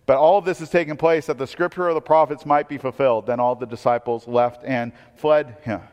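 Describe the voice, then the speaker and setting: A man's voice: mid-range voice, steady tone, a little fast, a little mellow, long reverb tail. A man preaching a conversational sermon, asking rhetorical questions and quoting scripture. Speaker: pastor.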